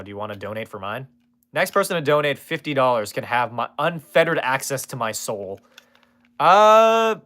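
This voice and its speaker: A man's voice: mid-range voice, a bit bright. A man chatting casually on a live stream, reading and answering chat with rambling, jokey, swearing asides.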